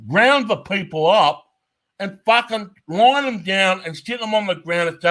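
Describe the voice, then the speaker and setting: A man's voice: high voice, lively intonation, measured pace, fairly bright tone. A man giving a heated, blunt commentary rant, swearing constantly and hammering his points. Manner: profane, blunt and emphatic.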